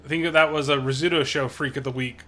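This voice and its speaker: A man's voice: a little high, steady tone, fast, pushed and bright. A man co-hosting a podcast in crude, casual chat, teasing his cohost and laughing often. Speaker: podcast co-host.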